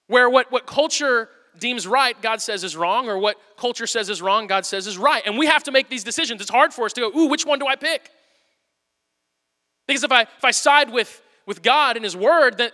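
A male pastor delivers a sermon in an energetic, conversational way, with a touch of self-deprecating humor. His voice sits high and sounds bright and forceful. The church hall gives him a long, ringing reverb. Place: church sanctuary.

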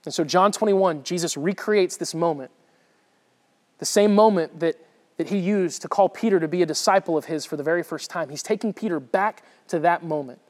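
A man's voice: fairly high pitch, brisk, long reverb tail. A man giving a conversational sermon, retelling a Bible story with frequent restarts and repeated words. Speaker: preacher.

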